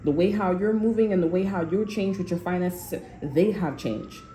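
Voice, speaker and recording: In an echoey room with faint background noise, a woman with a lowish voice talks at normal speed through a casual tarot reading. Her style is blunt, profane and animated, like she's telling a story.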